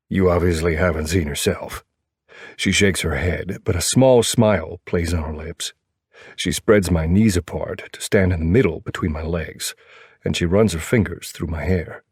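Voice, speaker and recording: Deep husky guy reading a romance audiobook, brooding and wry, dry close mic. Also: no room sound. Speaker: audiobook narrator. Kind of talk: first-person romance narration.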